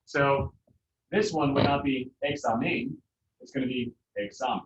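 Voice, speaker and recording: A man's voice: medium pitch, fairly even intonation, moderate pace. Casual man teaching in an echoey classroom. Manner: casual, filler-heavy explaining. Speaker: Spanish teacher. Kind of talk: classroom lesson. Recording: echoey, distant, dull classroom recording.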